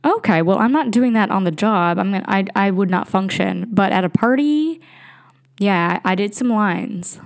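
A woman's voice: mid-range voice, expressive, normal speed, gravelly. A young woman hosting a podcast, telling a candid, rambling story in casual monologue with frequent laughs and fillers. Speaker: podcast host. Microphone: home computer recording.

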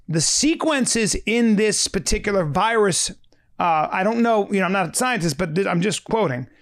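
A man's voice: high-pitched, fairly bright tone. A man co-hosting a podcast, chatting casually in a brash, profane, rambling way and laughing often. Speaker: podcast co-host. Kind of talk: casual banter.

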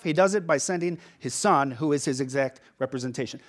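A man's voice: fairly high pitch, lively intonation, fairly quick. A man preaching a sermon as pastor, conversational and emphatic, often checking in with the listeners.

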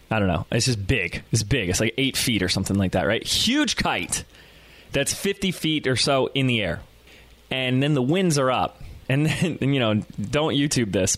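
A male podcast host tells a story in a loose, casual style, stopping often for fillers. His voice is mid-pitched and sounds close and dry, with no room around it. He comes across as animated. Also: no room sound. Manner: animated, rambling, lots of fillers.

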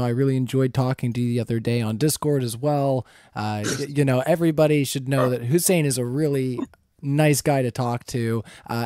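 A man moderating a live-streamed debate, keeping time and reading viewer questions in a friendly, brisk way. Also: medium pitch, warm tone, no echo, clean studio sound. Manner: friendly, brisk timekeeping with fillers.

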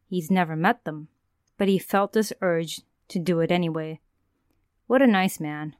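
A woman podcast host narrating a scripted horror tale in a calm manner, now and then asking the listener a question. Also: lowish voice, clean tone, dry recording, studio quality. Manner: calm storyteller who asks the listener questions.

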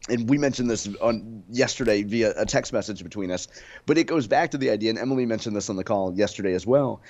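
A man's voice: fairly low pitch, fast talker, a little mellow, dull audio. A man in his forties co-hosting a radio talk show, chatty and wry with jokes. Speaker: radio co-host.

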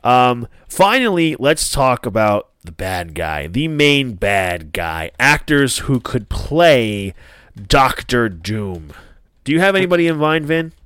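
A man co-hosting a casual chat, animated and enthusiastic, laughing often. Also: mid-range voice, slow, clear, resonant tone, dry recording, clean studio sound. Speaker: podcast co-host.

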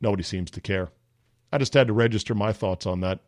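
A man's voice: fairly low pitch, fast talker, no echo, clean studio sound. A man hosting a daily sports talk podcast, riffing sarcastically on the news in a casual, joking way. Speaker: sports radio host. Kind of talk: casual solo commentary.

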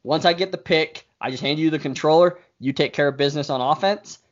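A man in a casual chat, teasing a friend and telling stories in an animated way. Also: on the high side, a little fast. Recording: dull lo-fi audio.

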